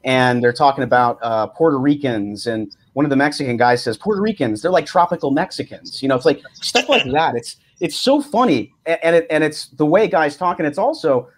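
A man's voice: fairly high pitch, lively intonation, fairly quick, hardly any pauses, a little hiss or hum. A man hosting a casual podcast, enthusiastic and stumbling over his restarts. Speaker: podcast host.

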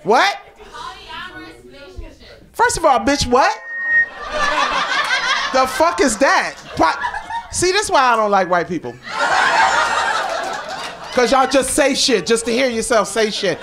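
A woman stand-up comedian doing brash, profane improvised crowd work on a comedy club stage, often shouting. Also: high-pitched, lively intonation, slow, long pauses. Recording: live club recording, crowd laughter and noise.

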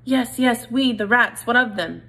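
Woman plays dramatic French mother mouse, storybook, high and bright. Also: unhurried. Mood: insistent. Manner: theatrical, pleading.

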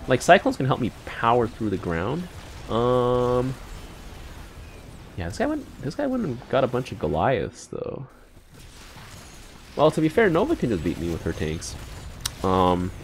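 A man giving casual live gameplay commentary as a gaming YouTuber, excitable and slangy, with sudden squeals and mumbled asides. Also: on the low side, a little hiss or hum.

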